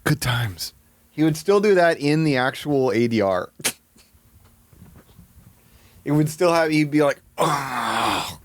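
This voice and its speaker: A man chatting casually on a live stream. He swears often, thinks aloud, mocks himself and jumps into high outbursts. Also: unhurried, pauses often. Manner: excitable, swears a lot, sudden high-pitched outbursts; self-mocking, thinking aloud.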